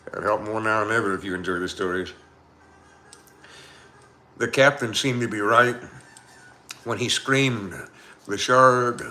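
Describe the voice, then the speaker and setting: A man's voice: on the low side, bright, forceful tone. A man hosting a live stream, telling a suspenseful story with dramatic narration and chatty asides to his viewers. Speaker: storyteller and channel host.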